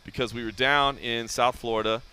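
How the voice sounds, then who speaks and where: A man's voice: mid-range voice, a little fast, clean tone. A man hosting a casual podcast, chatting and telling stories, often acting out quotes in a raised voice. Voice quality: animated storyteller, acts out quotes in raised voice. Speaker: podcast host.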